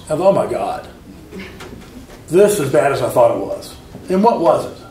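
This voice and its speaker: A man in his fifties giving a personal story talk, animated, acting out the voices in his stories. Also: a little high, a little hiss or hum. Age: 50s. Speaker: speaker. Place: lecture hall. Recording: echoey hall, from far off.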